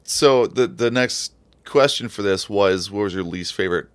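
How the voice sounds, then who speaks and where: A man's voice: fairly low pitch, moderate pace, no echo. A man co-hosting a podcast, blunt and swearing freely in casual chat. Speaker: podcast co-host.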